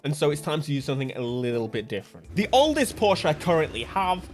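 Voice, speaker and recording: A man with a slightly high voice hosts a gaming channel, commenting on a racing game in a jokey, excitable way and laughing often.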